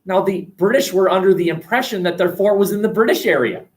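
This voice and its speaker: A man teaching a history class, lively and questioning, recorded from across a classroom. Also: high-pitched, quick pace. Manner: animated, asks the class questions, jokes. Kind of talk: classroom lecture. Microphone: webcam across the room. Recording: distant webcam sound.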